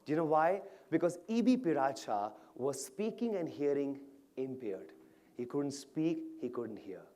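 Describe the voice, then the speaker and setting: Man, motivational stage speaker, lively swinging pitch, slightly high voice, keeps asking the crowd questions. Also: a little slow. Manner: energetic, questions the audience often, acts out dialogue. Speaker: motivational speaker at an awards event. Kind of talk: animated stage speech to an audience. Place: large event hall with live audience.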